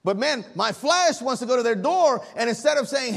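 A man preaching a sermon as pastor, telling a story in an animated way while the congregation answers back. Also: very high voice, measured pace, gravelly.

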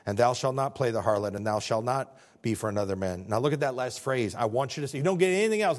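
A male pastor preaching a sermon with passion, dropping to quiet then rising to shouts, often repeating words as he builds. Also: mid-range voice, animated, fast, few pauses. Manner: repeats words when fired up.

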